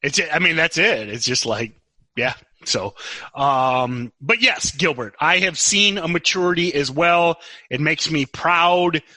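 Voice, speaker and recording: A man's voice: on the high side, a little slow, no room sound, poor audio. An older man co-hosting a podcast, chatting casually and teasing his co-host with jokes. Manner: animated, teasing, joking. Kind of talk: casual chat.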